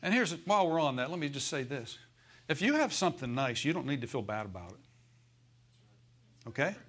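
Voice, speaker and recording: A male pastor preaching a sermon in a church, folksy, asking the congregation for replies and slowing down to read scripture aloud. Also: medium pitch, very animated, a bit bright.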